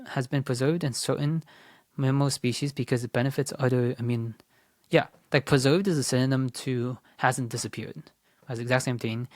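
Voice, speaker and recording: A young man tutoring test prep, working through a timed practice test out loud in a casual, rambling way, with lots of "like" and self-corrections, sometimes muttering as he reads. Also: medium pitch, no room sound. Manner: mutters while reading questions under his breath.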